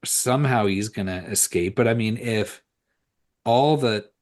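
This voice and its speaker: A man's voice: fairly low pitch, measured pace, a little mellow. A man co-hosting a podcast, chatting casually about a horror movie in a rambling, profane way full of "like" and restarts. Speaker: podcast co-host. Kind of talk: casual movie commentary chat.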